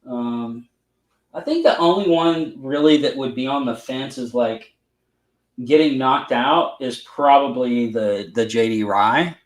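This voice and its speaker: A man's voice: mid-range voice, a little slow. A man co-hosting a live chat, telling stories with laughs and teasing friends. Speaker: co-host. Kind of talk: casual chat. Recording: echoey room.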